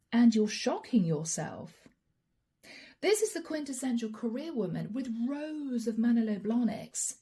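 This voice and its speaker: A woman's voice: on the high side, mellow, slightly rough. A woman giving a channeled tarot reading, talking straight to the viewer in a musing, reassuring way. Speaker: tarot card reader.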